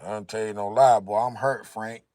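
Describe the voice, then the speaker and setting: A man's voice: on the low side, fairly even intonation, normal speed, warm tone, no room sound, clean studio sound. A tired, tearful man talking casually to viewers on a livestream from inside his car, worn out and weary. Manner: tired, weary slang-heavy talk. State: exhausted, tearful.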